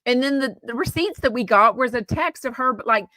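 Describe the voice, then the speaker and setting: A woman's voice: on the high side, a little fast, bright, forceful tone, no room sound. A woman hosting a podcast, chatting about gossip in a rambling way with lots of fillers and asides. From Texas. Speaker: podcast host. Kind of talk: casual gossip chat.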